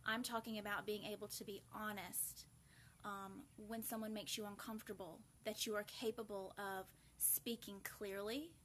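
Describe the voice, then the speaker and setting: A woman's voice: medium pitch, little pitch movement, moderate pace, a bit bright, a little hiss or hum. Earnest woman talking to viewers. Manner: earnest, encouraging, many fillers and restarts. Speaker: host of a grief support live video. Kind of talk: casual live-stream talk to viewers.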